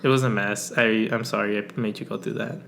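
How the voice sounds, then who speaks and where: A man's voice: on the low side, steady tone, brisk, vocal fry, fairly bright tone, slight background noise. A young man co-hosting a podcast, telling a rambling story in casual chat and laughing often. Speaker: podcast co-host.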